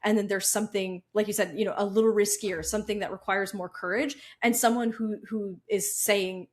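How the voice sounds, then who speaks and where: A woman's voice: mid-range voice, animated, brisk, few pauses. An American woman co-hosting a podcast, talking thoughtfully about a book in casual chat, full of fillers and light laughs. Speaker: podcast co-host.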